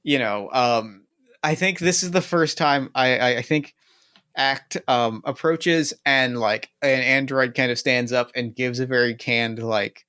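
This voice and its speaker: A man with an ordinary mid-pitched voice describes his moves as a player in a tabletop game. He rambles, loops back on himself and leans on fillers as he thinks aloud. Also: measured pace, pushed and bright. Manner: rambling, full of "like" and restarts.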